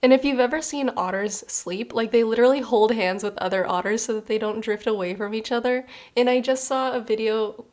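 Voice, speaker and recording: A young woman talks through a pick-a-card tarot reading in a loose, chatty way. Her speech is animated and full of fillers, and she laughs easily. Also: on the high side, fairly quick, few pauses. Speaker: tarot reader.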